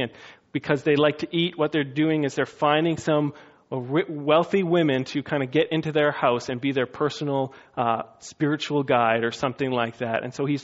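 A man's voice: a little high, dull audio. A man preaching a sermon in a casual, conversational way, now and then acting out quotes in funny voices. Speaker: pastor.

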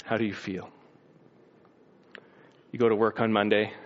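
A man preaching a sermon as a pastor, telling the story with lively acted-out scenes and sound effects. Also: fairly low pitch, measured pace, dull audio.

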